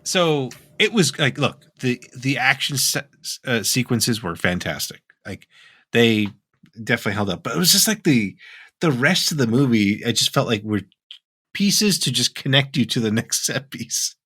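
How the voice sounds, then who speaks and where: A man's voice: medium pitch, expressive, moderate pace, a bit bright, slightly rough. A man on a podcast as a guest, chatting casually, rambling and laughing often. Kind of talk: casual chat.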